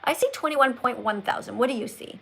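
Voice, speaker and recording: A woman's voice: a little high, brisk, vocal fry, fairly bright tone, husky. A woman in her sixties hosting a livestream, chatting casually, teasing callers and reading viewer comments aloud. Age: 60s. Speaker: livestream host.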